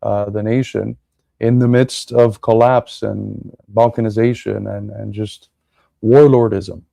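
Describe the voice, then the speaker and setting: A man co-hosting a political podcast, speaking bluntly and swearing casually in relaxed chat. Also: lowish voice, measured pace, gravelly, dry recording, clean studio sound. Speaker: podcast co-host.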